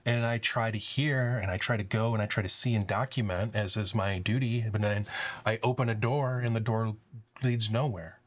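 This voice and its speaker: A man voicing a frightened, self-doubting young woman who speaks in halting, anxious phrases in a tabletop game. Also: lowish voice, fairly even intonation, natural voice. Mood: uneasy.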